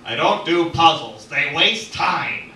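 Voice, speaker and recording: A man voicing a tall, pale, cold villain in a robe, with a slow, mournful, put-on Swedish accent, read aloud at an open mic. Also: medium pitch, animated, a bit bright, a little hiss or hum. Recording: echoey gallery from far off.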